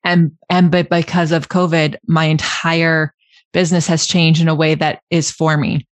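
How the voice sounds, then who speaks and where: A woman's voice: low-pitched, level tone, moderate pace, no room sound. A woman hosting a podcast, talking reflectively in a casual conversation with frequent restarts. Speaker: podcast host.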